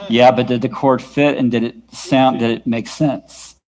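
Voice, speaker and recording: Slow and flat in delivery, this man's medium-pitched voice carries a slight mellowness. As a worship music instructor giving a vocal workshop to a church worship team, he is patient and often asks whether they're following, his own guitar in the background.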